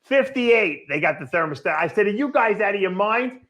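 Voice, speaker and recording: A man hosting a casual chat show, relaxed and agreeable, winding the talk up. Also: high voice, normal speed. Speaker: show host.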